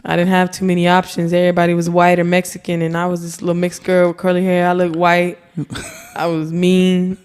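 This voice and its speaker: A woman's voice: lowish voice, monotone, brisk, a little mellow, clear, resonant tone. A young woman from Texas, a podcast guest telling stories in a brash, profane, laughing way. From Texas, USA. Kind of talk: casual chat.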